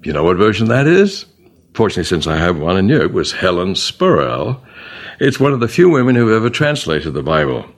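A man's voice: sits low, fairly quick. A man giving a Bible study lecture, reading verses aloud and naming their punctuation. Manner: reads verses aloud with punctuation, animated emphasis. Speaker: Bible teacher.

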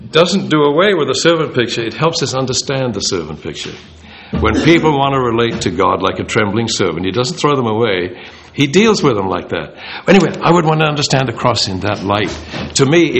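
A man giving an informal Bible talk, conversational and animated, acting out the quoted speech. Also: mid-range voice, slight background noise. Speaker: Bible teacher.

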